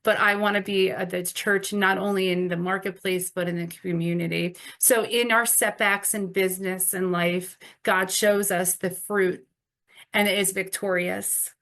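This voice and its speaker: A woman's voice: medium pitch, little pitch movement, a little slow, fairly bright tone. A woman in her forties giving an earnest, emotional testimony talk as a conference speaker, stumbling and restarting as she tells her story. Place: conference stage.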